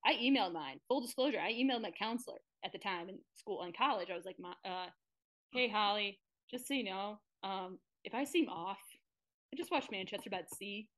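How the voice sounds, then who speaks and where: A woman's voice: medium pitch, a bit bright. A young woman in casual podcast chat, earnest and rambling as she opens up. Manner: earnest, rambling, quick to open up. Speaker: podcast guest.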